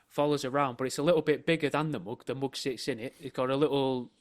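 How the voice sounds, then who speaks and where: Man, mid-range voice, podcast co-host, dry deadpan humor, remote call. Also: medium pitch, fast talker. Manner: dry, deadpan jokes, laughs easily. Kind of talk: casual banter.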